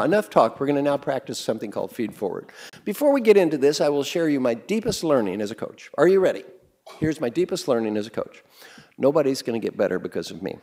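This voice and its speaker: Lively, teasing man coaching a crowd. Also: mid-range voice. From Kentucky, USA. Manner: playful, teasing the audience, calling on people. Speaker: executive coach and speaker. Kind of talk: humorous motivational talk to a live audience. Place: room with a live audience.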